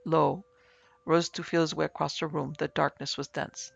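A man narrating a ghost story in a steady storytelling manner, over a faint music bed. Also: a little high, moderate pace, vocal fry, highs cut off.

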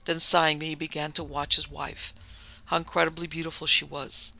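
A man narrating an audiobook in a measured, dramatic way. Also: a little high, little pitch movement, creaky, sharp tone, poor audio. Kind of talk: audiobook reading. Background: faint music.

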